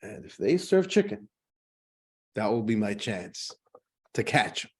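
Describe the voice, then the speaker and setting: A man's voice: on the low side, sing-song, a little slow, breathy edge, pitched below the performer's own voice, exaggerated voice. A man voicing a suspicious, indignant male Christian priest in a told joke, accusing and exasperated. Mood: scheming.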